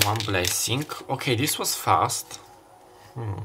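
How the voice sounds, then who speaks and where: Low-voiced man giving a rambling tarot reading. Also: steady tone, normal speed, very noisy. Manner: meandering, thinking aloud with fillers. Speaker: tarot reader. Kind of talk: casual intuitive tarot reading.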